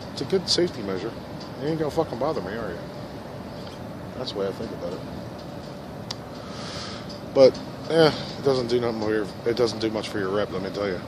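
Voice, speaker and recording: A man rambling through a profane monologue, dropping to low mutters and then rising into loud rants, recorded in a park. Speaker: vlogger. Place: park outdoors. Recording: outdoor recording with traffic noise. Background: passing cars and outdoor ambience.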